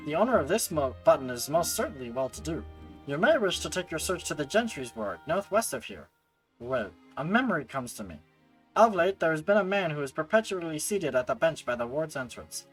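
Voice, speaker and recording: A man reading aloud the lines of a stately woman guild master in a game, in measured, archaic phrasing. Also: fairly high pitch, big pitch swings, faint music behind.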